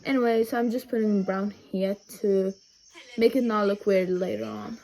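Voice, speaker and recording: A young woman vlogging a casual makeup tutorial at home, rambling and chatty with lots of ums and side remarks, recorded on a phone camera set low. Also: fairly even intonation, normal speed, mellow.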